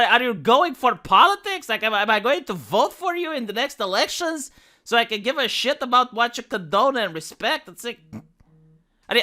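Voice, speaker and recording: A man's voice: sits high, sharp tone. A young man ranting sarcastically in a profane, heated commentary video. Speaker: YouTube commentator.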